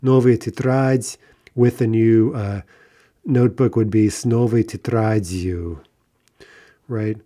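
A lower-pitched man with a mellow, dark tone talks through a grammar lesson. He explains patiently, restarts often and keeps asking "right?". He slows down carefully on each example phrase. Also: fairly even intonation. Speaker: Russian language teacher.

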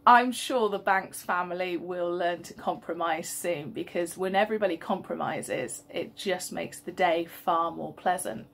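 Breathy woman reading a story. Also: on the low side, a little slow, few pauses. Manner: gentle, expressive storytelling. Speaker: teacher leading school worship. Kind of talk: storybook reading and assembly talk.

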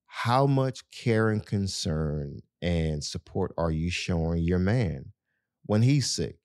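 A man's voice: low voice, darkish tone, no room sound, studio quality. A man hosting a podcast, talking casually and earnestly to his listeners with lots of "you know". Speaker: podcast host. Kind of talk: casual advice talk to listeners.

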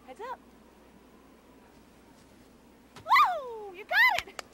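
A woman's voice: extremely high pitch, huge pitch swings, drawn-out words, noisy background, full character voice. An actress playing a flighty, touchy young woman with a whiny, girlish voice and dramatic outbursts. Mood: sweet. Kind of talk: comedy sketch acting.

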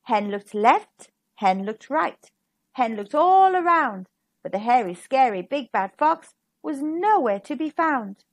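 A woman's voice: high voice, expressive, slow pace. A woman reading a rhyming picture book aloud to children in a sing-song, rhythmic way. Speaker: storybook reader. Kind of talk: children's storybook read-aloud.

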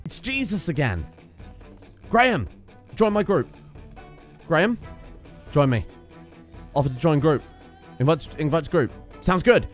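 A young man giving casual let's-play commentary, excitable, swearing and shouting at his teammates. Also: a little high. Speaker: gaming video host.

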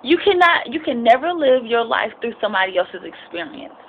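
A young woman with a fairly high voice gives an informal sermon mixed with personal testimony. Her delivery is expressive and impassioned, rambling and restarting, punctuated with amens. Faint noise sits in the background. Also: a little fast, phone-quality sound. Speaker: Christian vlogger sharing a devotional.

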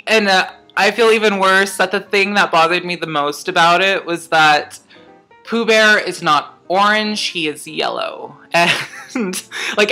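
A woman's voice: on the low side, sharp tone. A young woman reading fan fiction aloud and chatting casually to her viewers. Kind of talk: casual vlog reading and chat.

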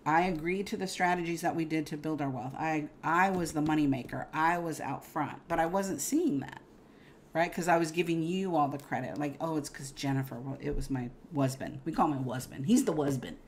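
Low-voiced, frank woman. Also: brisk, slight background noise. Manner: emphatic, frank, swears casually, laughs often. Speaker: interview guest. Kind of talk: candid conversational storytelling.

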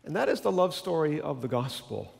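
A man's voice: on the high side, sing-song, brisk, vocal fry, a little mellow, in a large hall. A male pastor giving a sermon in an earnest, conversational storytelling manner.

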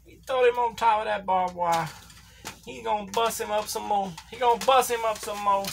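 Calling a toy figure wrestling match, a woman impersonates a folksy, older Southern male commentator, complete with a thick fake drawl, country grammar and excited ringside enthusiasm. Her natural voice is medium-pitched, steady and creaky at a moderate pace, with slight background noise.

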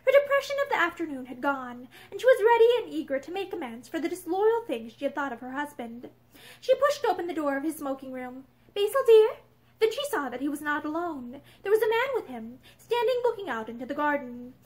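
Expressive woman reading a novel aloud. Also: high voice, fairly quick. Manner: expressive storytelling. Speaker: reader. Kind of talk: audiobook narration. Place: indoor room with bookshelves.

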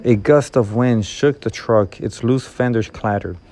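A man reading a novel aloud in a steady, measured storytelling manner. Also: mid-range voice. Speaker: reader.

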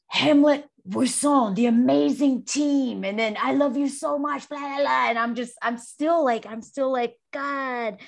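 A woman in her forties, a guest speaking frankly and casually, swearing freely and laughing easily. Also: mid-range voice. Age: 40s. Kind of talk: candid casual chat.

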